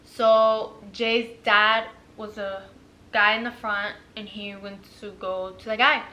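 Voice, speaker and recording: A woman's voice: medium pitch, slow pace. A young woman casually retelling a story, full of fillers and quoted dialogue. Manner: filler-heavy, animated retelling.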